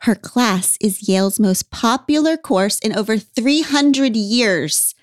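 A woman's voice: fairly high pitch, expressive, slow, dry recording, studio quality. A woman hosting a podcast in casual chat, wry and emphatic, laughing often. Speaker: podcast host.

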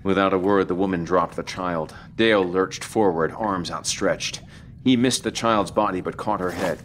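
A man reading a horror story aloud in a measured, even storytelling manner for a podcast. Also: low voice, slight background noise. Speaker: podcast narrator. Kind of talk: scripted horror narration.

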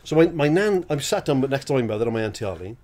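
A man co-hosting a podcast, swearing freely and telling an animated comic story. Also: mid-range voice, quick pace. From Wales. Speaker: podcast co-host. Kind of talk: casual comedy chat.

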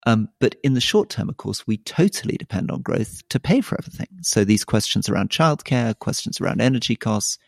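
A middle-aged man with a low, gravelly voice co-hosts a political podcast. The sound is dry and close, with no room around it. He explains at length and thoughtfully, adding soft asides as he goes. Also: animated, a little fast, few pauses, dry recording. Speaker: podcast co-host.

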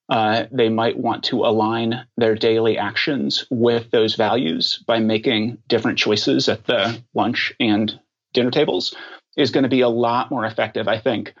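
A man answering questions as a podcast guest, talking thoughtfully and pausing often with ums and restarts. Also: fairly low pitch, lo-fi sound. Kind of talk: conversational interview answers.

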